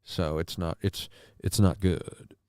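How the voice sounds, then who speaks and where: Talking slowly in a low, mellow voice with fairly even intonation, a man hosts a casual live-stream chat, clean-toned with no room sound. He's an adult father of a six-year-old, sitting in a basement room at home with a desk mic close to his face. A sinus infection leaves him congested, and he rambles in a crude, joking way, sneezing and sniffing often.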